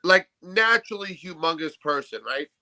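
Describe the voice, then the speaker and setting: A man co-hosting a podcast, telling stories in an animated, swearing, casual way. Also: high voice, moderate pace. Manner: animated storyteller, swears freely. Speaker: podcast co-host.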